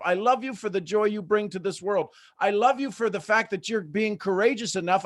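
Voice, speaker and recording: A man hosting a live motivational morning show, preaching with soft asides and sudden loud bursts of excitement. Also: high-pitched, normal speed, no echo, studio quality. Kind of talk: energetic motivational talk.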